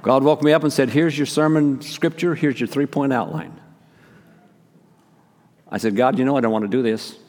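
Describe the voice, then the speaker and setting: A pastor telling a personal story in a sermon, acting out each quoted exchange. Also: male voice, medium pitch, moderate pace, long pauses. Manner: animated storyteller, acts out quoted dialogue. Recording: long reverb of a large hall.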